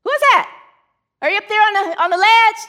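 A woman voicing a frightened man hanging from a cliff, yelling and pleading frantically. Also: sits high, animated, fairly quick. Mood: panicked.

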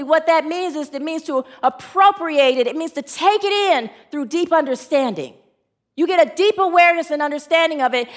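High-voiced woman preaching a sermon. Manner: call and response with the congregation; earnest, storytelling with acted quotes.

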